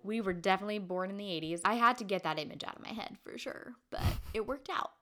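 A woman's voice: medium pitch, fast, a bit bright. A woman in her thirties co-hosting a podcast, chatty and giggly in casual conversation. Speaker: podcast co-host. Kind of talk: casual chat.

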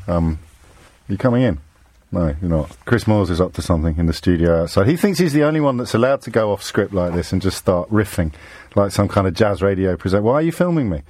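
A sardonic middle-aged English man hosts a live radio phone-in. His voice sits low and sounds close and dry on the studio mic. He talks quickly and conversationally. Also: a little mellow, no echo. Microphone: studio microphone.

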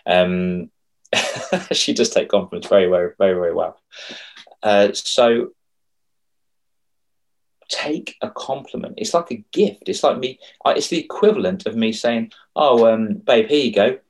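A man's voice: on the low side, a little slow, pauses often. A young man coaching on confidence in a casual podcast chat, acting out quoted voices as he tells stories. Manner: animated storyteller, acts out quoted voices.

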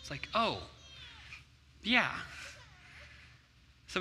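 Male pastor, sermon, earnest and chatty, high voice, church hall reverb. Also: normal speed, pushed and bright. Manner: earnest, conversational, acts out his own prayers.

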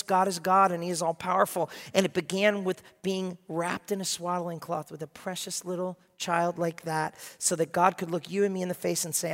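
Impassioned high-voiced male pastor preaching. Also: long reverb tail. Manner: impassioned, swings from quiet to loud. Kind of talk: sermon. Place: church sanctuary.

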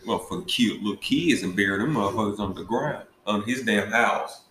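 A man co-hosting a podcast in casual chat, talking in an excitable, profane, emphatic way. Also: on the low side, brisk, slight background noise. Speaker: podcast co-host. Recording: echoey room, distant mic.

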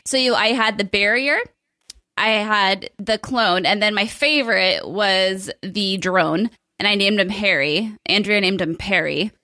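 Bright bubbly woman podcast co-host. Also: mid-range voice, unhurried, no room sound, studio quality. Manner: bubbly, jokey and self-deprecating. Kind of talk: casual gaming podcast chat.

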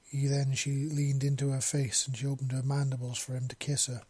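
A man's voice: mid-range voice, monotone, fairly quick, darkish tone, slightly rough, no echo. A man reading a romance story aloud, with small slips and restarts. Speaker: narrator. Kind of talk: amateur fiction reading.

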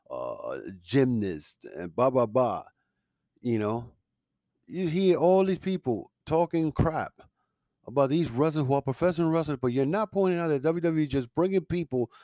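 A man's voice: mid-range voice, mellow, no echo. A man hosting a casual podcast, ranting in a heated, opinionated way with frequent fillers and restarts. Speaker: podcast host.

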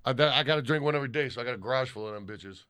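A man co-hosting a casual podcast, talking loudly and profanely while he reads out listener shout-outs. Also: medium pitch, racing, clean tone, no room sound. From Michigan. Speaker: podcast co-host.

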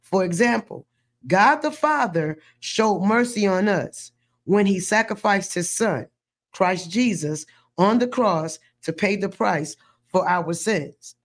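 A woman's voice: medium pitch, animated, slow pace. A woman hosting a faith podcast, talking in an emphatic, preachy way and repeating words as she builds a point. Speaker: podcast host. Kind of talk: faith discussion.

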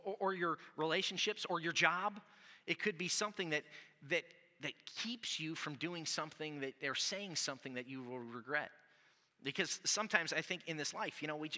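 Bright, high-voiced man preaching animatedly. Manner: animated, chatty, frequent "like" fillers. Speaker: pastor. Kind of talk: conversational sermon with storytelling. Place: church sanctuary. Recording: long reverb of a church hall.

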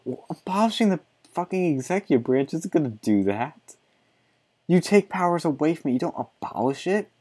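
A man's voice: a little high, big pitch swings, normal speed, darkish tone, husky. A man reading an article aloud and mocking it with sarcastic, profane commentary, often laughing.

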